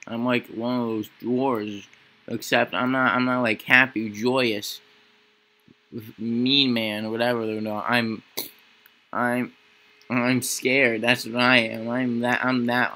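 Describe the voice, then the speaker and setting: A young man talks slowly through a horror game, his tone bright and a little sharp. He rambles and jokes, half-scared and half-playful, narrating whatever his character runs into. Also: medium pitch. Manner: rambling, jokey, mock-scared talk to himself. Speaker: gaming channel host. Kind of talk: casual gameplay commentary.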